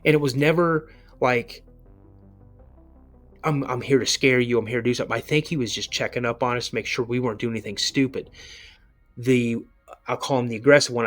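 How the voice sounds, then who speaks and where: A man's voice: mid-range voice, fairly bright tone. Earnest rambling man telling his story. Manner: earnest, rambling, repeats himself for emphasis. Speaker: guest recounting an encounter. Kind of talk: casual first-person storytelling.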